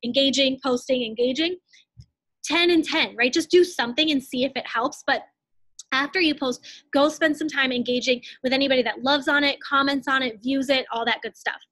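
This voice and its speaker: A young woman in her twenties coaching her team in a live online training, talking fast and casually with lots of "like"s and blunt asides. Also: high-pitched, a bit bright. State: out of breath.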